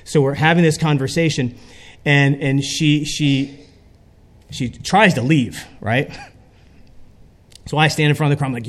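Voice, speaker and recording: A man's voice: a little high, steady tone, measured pace, pauses often, fairly bright tone. Man preaching in a conversational tone. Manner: conversational preaching, frequent "right?" checks. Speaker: pastor. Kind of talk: sermon.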